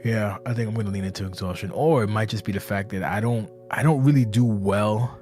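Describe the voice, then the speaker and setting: Brief: man with a lowish voice, rambling and profane, sounds tired and anxious, faint music underneath. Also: fairly quick, darkish tone. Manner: rambling, profane, self-interrupting. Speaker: community leader of an online wrestling game league. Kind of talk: casual podcast monologue. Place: indoors, seated.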